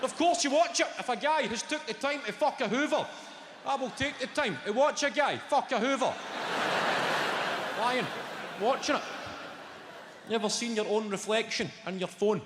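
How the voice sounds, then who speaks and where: Sweary Scottish comedian in a roomy venue. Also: male voice, very high voice, moderate pace, long pauses. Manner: sweary, animated storytelling with mock voices. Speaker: stand-up comedian. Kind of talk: stand-up comedy routine. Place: comedy venue with live audience. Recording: roomy live venue with loud audience noise.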